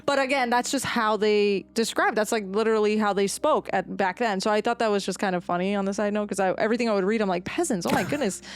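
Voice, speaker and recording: A woman co-host presents her research on a casual history podcast, talking fast and smoothly with few pauses at a medium pitch. She's chatty and animated, full of fillers, and jumps into quoted voices.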